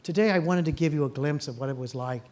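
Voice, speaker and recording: A therapist talks fast in a fairly high voice during a public talk for a live audience. He tells stories, asks the listeners rhetorical questions, and acts out exchanges using lively voices.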